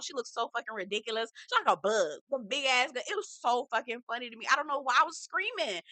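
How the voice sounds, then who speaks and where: A woman's voice: fairly high pitch, bright, forceful tone, no room sound. Sassy, foul-mouthed woman recapping gossip. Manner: sassy, profane, gossipy, full of impressions. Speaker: reality TV reviewer. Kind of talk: casual episode recap.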